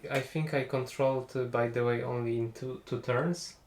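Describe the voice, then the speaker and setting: Male co-host, casual game talk, mid-pitched and agreeable, echoey room. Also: steady tone, moderate pace. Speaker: tabletop game co-commentator. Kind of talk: casual post-game discussion.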